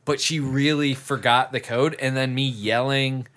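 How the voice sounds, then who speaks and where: Casual chat guy, mid-pitched, rambling storyteller who swears freely. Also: fairly even intonation, measured pace, fairly bright tone.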